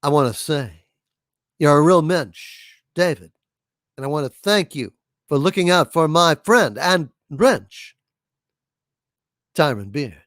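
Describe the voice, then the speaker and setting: A man's voice: a little high, takes it slowly, long pauses, no room sound, studio quality. A man hosting a casual live stream, telling jokes and reading viewer messages aloud. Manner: animated, reads viewer messages and tells jokes. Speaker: livestream host.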